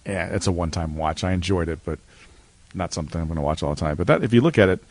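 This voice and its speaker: A man's voice: deep voice, rapid-fire, a little mellow. A man co-hosting a casual podcast, chatting loosely about films with frequent laughs. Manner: rambling, laughs often. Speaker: podcast co-host. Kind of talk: casual chat.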